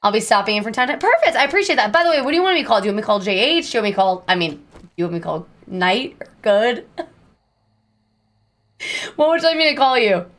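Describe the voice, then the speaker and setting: A young woman talks to her live viewers in a casual, slightly high voice. She pokes fun at herself and jumps into squeaky yelps when something catches her off guard. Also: very animated, fast, fairly bright tone. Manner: bubbly, self-deprecating, bursts into squeaky high exclamations. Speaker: streamer.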